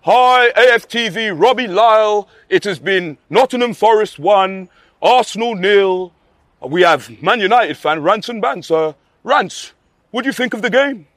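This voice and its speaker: Upbeat fan-channel presenter put on by a man, quizzing fans, high and animated. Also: unhurried, dry recording. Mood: presenting. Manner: presenter-style questioning. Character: male fan-channel interviewer, brisk and upbeat. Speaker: mock interviewer.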